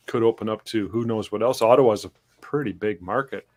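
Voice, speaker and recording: A man with a fairly low voice hosts a loose, casual chat over a video call. He jokes and teases his co-host as they talk shop. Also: fairly quick, darkish tone. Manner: joking, teasing. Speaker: podcast host.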